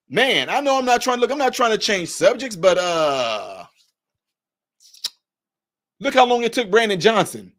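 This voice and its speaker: A man's voice: high-pitched, very animated, moderate pace, a bit bright. A man hosting a political commentary livestream, talking emphatically and repeating himself as he answers his chat directly. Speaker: livestream host.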